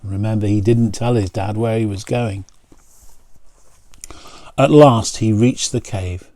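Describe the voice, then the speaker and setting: Slow, mellow man reading a storybook. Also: lowish voice, no echo. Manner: slow, pausing to point out the pictures. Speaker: pastor. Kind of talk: reading a picture book aloud.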